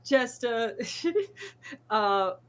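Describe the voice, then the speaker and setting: Brief: woman podcast host, a bit high-pitched, chatty smart-aleck telling gym stories. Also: drawn-out words, clear, resonant tone. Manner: jokey, self-deprecating, animated storyteller. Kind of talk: casual chat.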